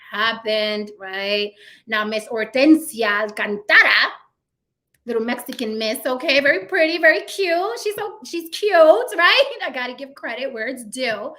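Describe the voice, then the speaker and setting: A woman's voice: medium pitch, a bit bright. A woman giving blunt, chatty, profane commentary on a vlog. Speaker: commentary vlogger. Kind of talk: casual spoken commentary.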